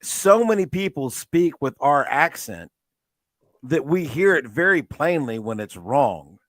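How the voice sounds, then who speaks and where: A man's voice: fairly high pitch, big pitch swings, a little slow, a bit bright, dry recording. Chatty Midwestern man, dry close sound. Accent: Midwestern American. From American Midwest. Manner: chatty, explains with asides and frequent questions to the listener. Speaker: podcast co-host. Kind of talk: casual chat about a TV show.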